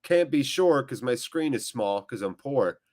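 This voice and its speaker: A man hosting a fan channel's live watchalong, calling the play excitedly and joking and chatting with viewers in between. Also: mid-range voice, unhurried. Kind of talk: live watchalong match commentary.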